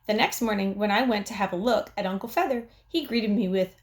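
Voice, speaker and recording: A woman teacher reads a chapter book aloud to her class. Her telling is clear and expressive, with a very lively, animated rise and fall. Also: a little high, fairly quick.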